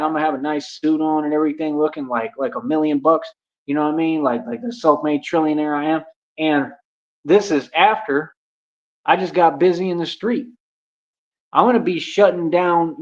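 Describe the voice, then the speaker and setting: Cocky young guy ranting on his stream, kinda high voice, muffled lo-fi mic. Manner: brash, swaggering, heavy use of "like". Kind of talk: boastful rant to a stream audience.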